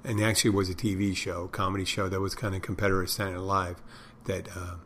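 A man's voice: low-pitched, level tone, fast, fairly bright tone, a little hiss or hum. A middle-aged man hosting a podcast, rambling through stories and crude jokes in a casual monologue. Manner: meandering storyteller, tells crude jokes. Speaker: podcast host.

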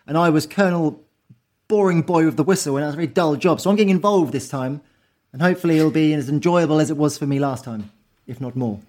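Man, high voice, podcast host, brash, sweary, casual football banter. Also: fast talker, a little mellow.

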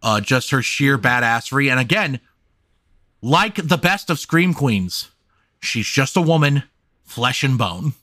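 A man hosting a podcast, driving his points home with blunt, profane emphasis. His voice sits at an ordinary middle pitch, and the close mic gives it a dry, dead sound with no room around it. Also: lively intonation, a little slow, bright, forceful tone, dry recording. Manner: emphatic, swears freely. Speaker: podcast host. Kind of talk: casual film discussion.

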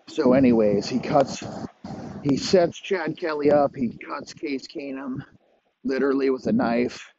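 A young comedy podcast host rambles through a crude, profane made-up story, dropping into low mock voices for the characters. His delivery is a little slow, with a dark, slightly rough tone, and the audio is dry, muffled, and lo-fi.

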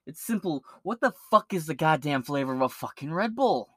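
A man's voice: a little high, expressive, fairly quick, no room sound, studio quality. Foul-mouthed man ranting on a podcast. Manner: crude, heavy swearing, rambling. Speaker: podcast host. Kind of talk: free-form profane rant.

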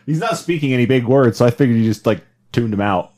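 A man's voice: medium pitch, lively intonation, fast, darkish tone. A man hosting a casual gaming podcast, laid-back and steering the talk.

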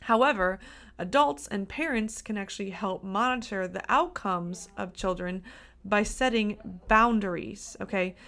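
An upbeat woman hosts her own podcast, chatting directly to listeners like a coach. Her voice sits in a mid pitch, and she sounds friendly and encouraging. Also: a little slow, creaky, a bit bright. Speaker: podcast host and dietitian. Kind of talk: solo podcast talk.

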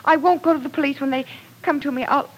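A woman's voice: high-pitched, fairly even intonation, fast, lightly acted. An actress playing a frightened young woman held captive, pleading breathlessly, in 1940s radio acting.

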